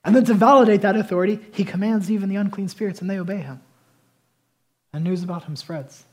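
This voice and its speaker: A man preaching a passionate sermon, swinging between loud emphasis and quiet intensity. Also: high voice, quick pace. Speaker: pastor.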